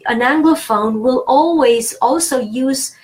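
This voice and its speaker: Brief: woman French teacher, French accent, slightly high voice, thinks aloud while explaining. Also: a little slow, a little mellow. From France. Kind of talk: pronunciation lesson.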